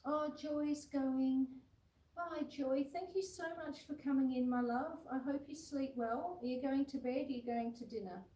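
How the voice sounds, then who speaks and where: High-voiced woman chatting on a livestream. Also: normal speed, dark tone. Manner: chatty, reads viewer comments aloud and coos at the puppy. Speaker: homestead livestream host. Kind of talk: casual livestream chat. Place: indoors at home, seated with a puppy on her lap. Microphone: phone camera set far back. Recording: roomy and distant from the camera.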